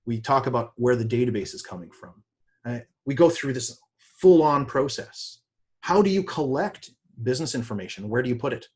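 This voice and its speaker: A man speaking as a business coach in a seminar talk, conversational and energetic, with sudden excited jumps in pitch. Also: moderate pace.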